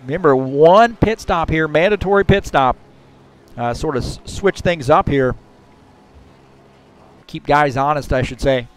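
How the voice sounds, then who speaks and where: A man's voice: on the high side, unhurried, long pauses. A man giving casual, chatty commentary on a sim race, with lots of fillers.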